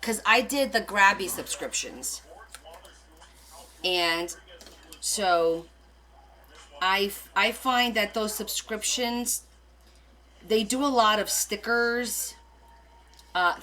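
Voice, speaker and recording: Woman, craft live-streamer, casual rambling chat, answers comments, bright tone. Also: mid-range voice.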